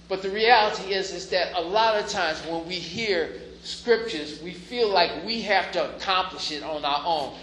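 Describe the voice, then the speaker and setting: A man's voice: fairly high pitch, animated, measured pace, sharp tone. A man preaching a sermon in a conversational way, now and then rising to emphatic stresses. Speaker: pastor. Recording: echoey room, faint noise.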